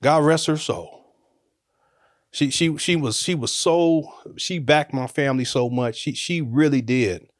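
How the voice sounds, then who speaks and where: A man's voice: on the high side, unhurried. A man in his forties telling a personal story in a casual, rambling, joking way, often restarting his sentences.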